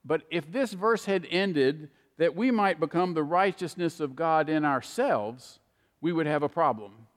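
A man preaching a sermon, repeating key words for emphasis with slow, deliberate phrasing. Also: on the high side, animated, long reverb tail.

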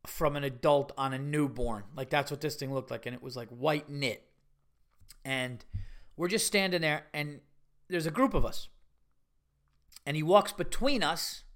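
Animated profane man telling a story. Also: a little high. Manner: rambling, profane, animated retelling with quoted voices. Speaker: podcast host and comedian. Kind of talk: casual storytelling monologue.

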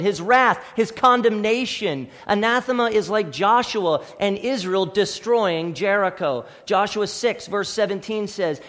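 A man preaching a sermon as pastor, emphatic, swinging between loud stressed words and quiet low asides. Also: in a large hall. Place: church sanctuary.

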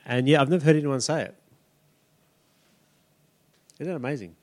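A man's voice: medium pitch, moderate pace. A male pastor preaching and teaching, often putting questions to the congregation. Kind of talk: sermon.

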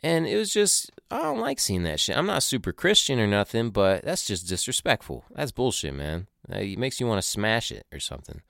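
A man's voice: on the low side, sing-song, brisk, creaky, hardly any pauses, fairly bright tone, no echo, clean studio sound. A young man telling a rambling, profane story in a casual monologue, with conspiratorial asides. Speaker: podcaster recounting a tour.

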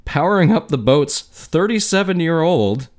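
A man's voice: on the high side, lively intonation, normal speed. A man in his forties with a stuffy nose, co-hosting a podcast and retelling a history story in loose, profane casual chat. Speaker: podcast co-host.

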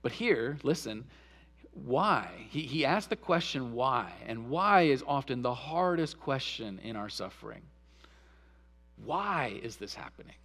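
A man preaching a sermon as pastor, earnest, rising loud and impassioned on emotional quotes, then dropping low and quiet. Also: animated, a little slow. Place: church sanctuary.

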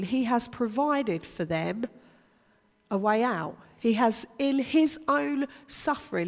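Lady preaching, kinda high voice, earnest and punchy, big echoey hall. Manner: earnest, emphatic, with rhetorical questions. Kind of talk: sermon. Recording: long hall reverb.

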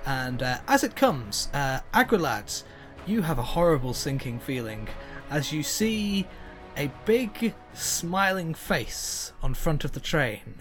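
A game master narrating a tabletop game with many pauses, hesitations and easy laughter. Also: medium pitch, big pitch swings, a bit bright, faint music behind. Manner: rambling, lots of uhs, laughs easily.

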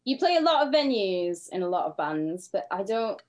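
A woman's voice: medium pitch, sing-song, moderate pace, over a noisy crowd. A woman from northern England with a Penrith accent, co-hosting a casual podcast, blunt and profane in her talk. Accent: Cumbrian (Penrith). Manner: blunt and profane, laughs easily. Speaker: podcast co-host.

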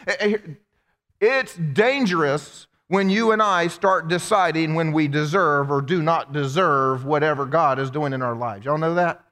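A high-pitched man preaches, lively and joking as he acts out people's prayers. His voice rings through a church sanctuary with a long reverb tail. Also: measured pace. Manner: animated, humorous, acts out quoted prayers. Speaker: pastor. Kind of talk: sermon.

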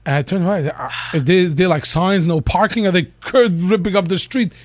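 A middle-aged man on a radio talk show, speaking in a slightly raised pitch. He rambles through his stories, backing up and restarting as he goes. The talk is loose and conversational. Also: brisk, dry recording. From Brooklyn, New York. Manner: rambling storyteller, restarts often. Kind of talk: casual radio chat.

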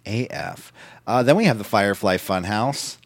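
Low-voiced man recapping wrestling casually. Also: expressive, normal speed, dry recording. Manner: loose, profane, acts out quotes in silly voices. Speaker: podcast co-host.

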